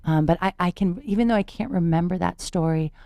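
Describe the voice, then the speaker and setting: A woman's voice: fairly low pitch, a little fast, warm tone, dry recording. A woman guest on a podcast interview, earnestly telling a personal story and repeating words for emphasis. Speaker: podcast guest, spiritual teacher.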